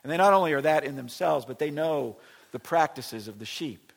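Gravelly preacher swinging loud to hushed. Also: male voice, on the high side, lively intonation, fairly quick. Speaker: pastor. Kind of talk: sermon.

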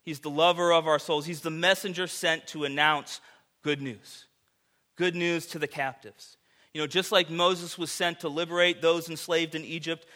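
A man preaching a sermon, his voice bright and forward. He talks casually to the congregation, with fillers and sudden swings from loud to quiet. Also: on the high side. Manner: conversational, animated preaching with fillers. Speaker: pastor.

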